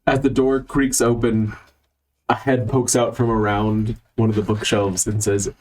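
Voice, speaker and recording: A man's voice: lowish voice, level tone, unhurried, a little mellow, far from the mic. Man running a tabletop game, off-mic. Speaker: game master.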